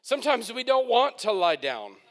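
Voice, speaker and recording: Fervent high-voiced preacher man. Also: normal speed. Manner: fervent, repetitive preaching with shouted peaks and excited whoops. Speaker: pastor. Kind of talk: sermon.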